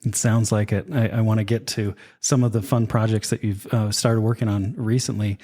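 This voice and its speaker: A man's voice: fairly low pitch, level tone, normal speed, mellow. A man hosting a podcast interview from a co-working space, upbeat and chatty with light jokes. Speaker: podcast host.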